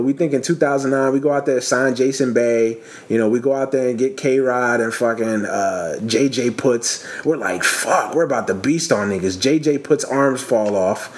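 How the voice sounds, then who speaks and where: A man in his thirties co-hosting a casual sports podcast, ranting in a profane, exasperated way. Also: medium pitch. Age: 30s. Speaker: podcast co-host.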